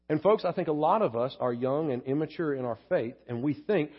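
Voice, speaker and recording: Male pastor, sermon, emphatic, candid, joking, husky voice, dull lo-fi recording. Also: a little high, expressive, brisk, few pauses.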